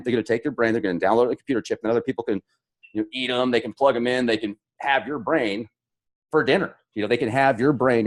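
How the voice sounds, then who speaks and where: A man hosting his own show, reading out viewer comments and riffing on them in a jokey, mock-dramatic way. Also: mid-range voice. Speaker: show host.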